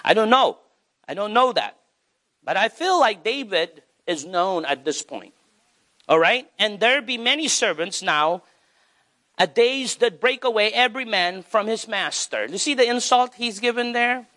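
A man preaching a sermon as pastor, animated, with wide swings in pitch for emphasis. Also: unhurried.

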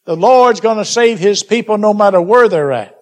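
A man's voice: high-pitched, moderate pace. A man preaching a sermon, urging his listeners and calling them beloved, with scripture read aloud in King James wording. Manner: exhorting, addresses listeners as beloved.

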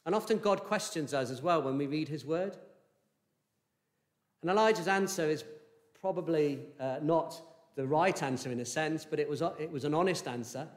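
A man preaching a sermon in an earnest, measured way, with fillers and restarts. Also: fairly high pitch, echoey room.

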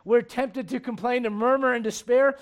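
A middle-aged male pastor preaching a dynamic sermon, swinging from loud to hushed and acting out voices in little scenes. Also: very high voice, fairly even intonation, normal speed.

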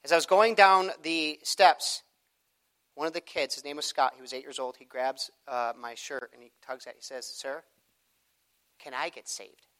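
Bright-voiced man preaching a story. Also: on the high side, moderate pace, smooth. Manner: animated storytelling, acts out quoted voices. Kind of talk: sermon with personal story.

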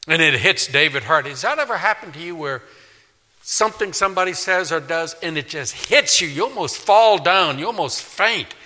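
A male pastor preaching a storytelling sermon in a church, swinging dramatically from loud to hushed. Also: medium pitch. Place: church sanctuary. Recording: long church reverb.

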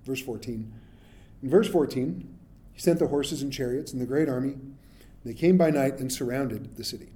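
The sermon comes from a male pastor whose medium-pitched voice is mellow and moderately paced. His delivery is conversational, punctuated by frequent "right?" questions and by acting out the biblical figures he describes.

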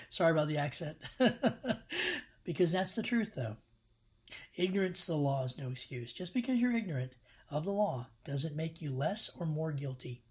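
A man's voice: a little high, lively intonation, moderate pace, breathy edge. Earnest rambling bible teacher, man. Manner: earnest, rambling with many restarts and fillers. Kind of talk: casual bible study commentary. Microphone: laptop camera.

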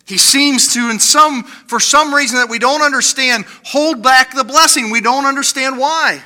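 This sermon comes from a lively pastor who dramatizes quoted speech, lifting his pitch for each voice. When a key line arrives, he slows and quiets down to stress it.

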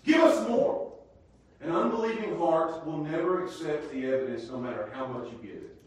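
A man preaching a sermon in a church, swinging from low, quiet passages to shouted, repeated lines. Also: normal speed. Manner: dramatic, swings from low murmurs to shouted repetition. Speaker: pastor. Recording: very echoey hall, voice far from mic.

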